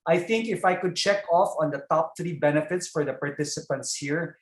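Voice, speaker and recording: A man's voice: on the high side, moderate pace. Chatty Filipino man, echoey call. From Philippines. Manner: chatty, warm asides, frequent fillers and tag "no?". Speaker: keynote speaker. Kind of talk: informal keynote speech over a video call. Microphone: video call.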